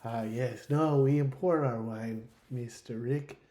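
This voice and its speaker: A man's voice: mid-range voice, slow, dark tone, echoey room, natural voice. A man voicing a droid bartender with a creepy, forced 1940s Hollywood film accent. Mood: smug.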